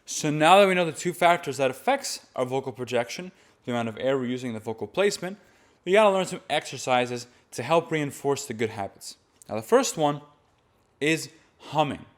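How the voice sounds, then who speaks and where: A man's voice: medium pitch, expressive, a little fast. A man teaching voice technique, explaining each step plainly and demonstrating sounds between his explanations. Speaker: voice and chant teacher. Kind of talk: vocal technique lesson.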